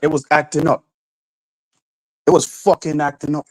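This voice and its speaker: A man hosting a livestream, irritated and swearing through rambling rants that keep restarting. His voice sits a bit high for a man, and it is captured dry and close with no room sound. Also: measured pace, long pauses, no echo, low-quality recording. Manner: swears constantly, rants and restarts, raises voice when angry. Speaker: livestream host. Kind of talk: casual profane livestream chat.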